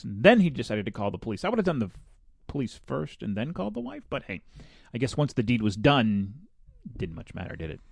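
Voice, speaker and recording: A man's voice: medium pitch, fast, creaky, no echo, clean studio sound. A man co-hosting a casual podcast, reading odd news stories and joking about them with frequent laughs. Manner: animated, laughs often, jokey asides. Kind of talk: casual chat.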